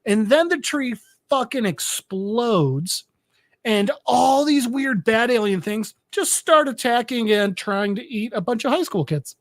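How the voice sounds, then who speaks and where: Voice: medium pitch, expressive, no room sound, clean studio sound. A podcast co-host casually retelling a comic story, full of fillers and swearing, and briefly acting out the characters' lines. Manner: rambling, filler-heavy storytelling with swearing and quick quoted voices.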